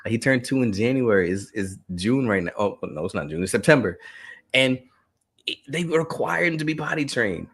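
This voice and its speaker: A man in his thirties, an educator giving a live online talk to teachers, telling animated stories and laughing often. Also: mid-range voice, normal speed, slightly rough. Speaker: educator and speaker.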